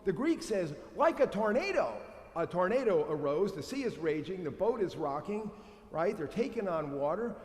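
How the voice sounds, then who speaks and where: Male priest, slightly high voice, playful sermon delivery that acts out quotes; roomy church reverb. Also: expressive, normal speed, a little mellow. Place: church sanctuary. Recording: echoey church with long reverb.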